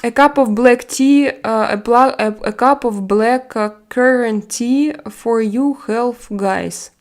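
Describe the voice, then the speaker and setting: A middle-aged woman with a Russian accent and Russian as her first language, hosting a casual live-stream chat and answering viewers in halting speech full of fillers and restarts. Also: on the high side. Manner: blunt and chatty.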